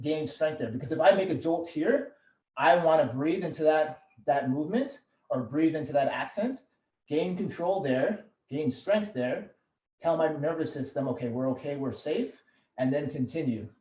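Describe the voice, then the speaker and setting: A man leading an online movement class, explaining at an easy pace with lots of fillers and tag questions. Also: on the high side. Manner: relaxed, explanatory, many fillers and "right?". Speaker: movement instructor. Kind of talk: teaching an online fitness class. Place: indoor studio. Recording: echoey room.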